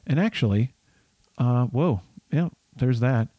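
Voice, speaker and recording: A man's voice: mid-range voice, animated, slow, warm tone, no echo. A man co-hosting a casual podcast, talking with lots of fillers and restarts. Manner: hesitant, many fillers and restarts. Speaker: podcast co-host.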